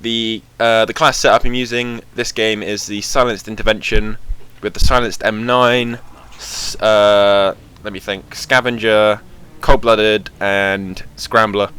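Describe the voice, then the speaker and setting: A man's voice: fairly low pitch, flat delivery, a little slow, few pauses, a bit bright, clear, resonant tone. A young man chatting casually over gameplay footage as host of his gaming channel, rambling with lots of fillers. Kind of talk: casual game commentary.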